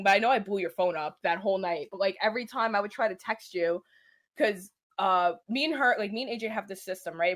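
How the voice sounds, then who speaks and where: Give me a young woman in a studio telling an animated, profane story on a podcast, with a mid-range voice. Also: mid-range voice. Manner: animated, profane, heavy use of "like". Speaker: podcast co-host. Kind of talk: casual storytelling chat.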